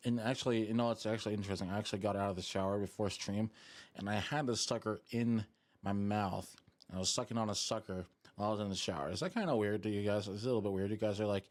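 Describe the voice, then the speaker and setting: A man's voice: fairly low pitch, fast talker. A young man streaming live, chatting and rambling jokingly with his viewers while sucking a lollipop. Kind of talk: casual live-stream chat.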